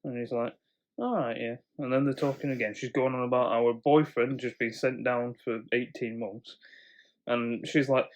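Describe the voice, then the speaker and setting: A man's voice: medium pitch, flat delivery, normal speed. A young man telling a story in casual podcast chat, swearing often and laughing as he goes. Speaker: podcast co-host.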